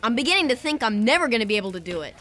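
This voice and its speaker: A performer voicing a frustrated teenage boy who sulks and is quick to argue. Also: medium pitch, sing-song, pushed and bright. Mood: troubled. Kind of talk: radio drama acting.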